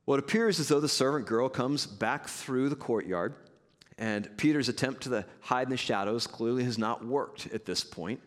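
Male pastor, earnest sermon delivery, mid-pitched voice, long hall echo. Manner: earnest, measured preaching with conversational asides.

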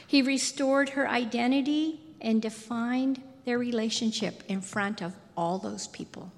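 A woman preaching a sermon in a slow, deliberate, softly intimate way. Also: fairly high pitch, gravelly. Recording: reverberant hall.

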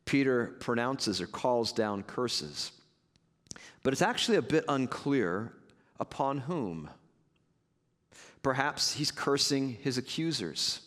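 A man preaching a sermon as pastor, earnest and measured with conversational asides. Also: medium pitch, animated, fairly bright tone, long reverb tail.

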